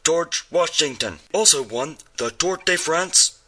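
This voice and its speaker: A man voicing an automated phone system that speaks flatly and mechanically. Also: a little high, unhurried, heavily acted. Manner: flat, robotic. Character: glitchy automated phone voice, male.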